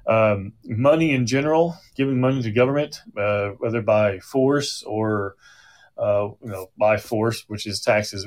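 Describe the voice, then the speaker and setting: A middle-aged male pastor leading a Bible study sermon, conversational with frequent restarts and asides. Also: on the low side.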